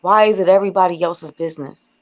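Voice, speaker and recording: In a dull lo-fi recording, a woman guest rapper with a lowish voice talks fast in a casual interview. She's blunt and emphatic, with plenty of profanity.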